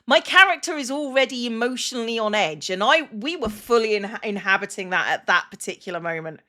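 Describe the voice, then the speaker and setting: Bright, chatty woman streamer. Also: fairly high pitch, expressive, fairly quick, hardly any pauses. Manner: chatty and emotional, with many restarts and "like" fillers. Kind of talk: casual chat on a livestream.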